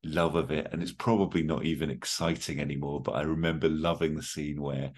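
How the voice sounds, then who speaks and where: Male podcast co-host, extremely low voice, casual and halting film chat. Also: steady tone. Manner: halting, repeats words as he thinks.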